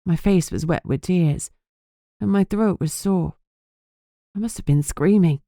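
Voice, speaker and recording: Woman, low voice, dry studio audiobook narration, earnest. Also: a little slow, pauses often, mellow, dry recording. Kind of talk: first-person audiobook narration.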